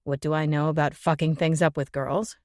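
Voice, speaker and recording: A woman's voice: deep voice, level tone, brisk, a little mellow, no echo, studio quality, pitched below the performer's own voice, lightly acted. A woman voicing a blunt, mocking young male rock musician who needles his bandmate. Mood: needling. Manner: scoffing, needling.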